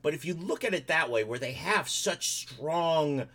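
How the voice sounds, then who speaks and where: A man co-hosting a podcast in casual comedic chat, loud and profane, who laughs often. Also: fairly high pitch, animated, unhurried. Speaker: podcast co-host.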